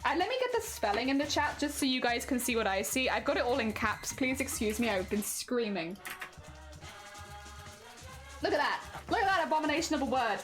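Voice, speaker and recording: A woman's voice: high voice, very animated, fairly quick, fairly bright tone, faint music behind. A young woman streaming casually, chatting and giggling with her viewers while she crafts at home. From Britain. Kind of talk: casual live-stream chat.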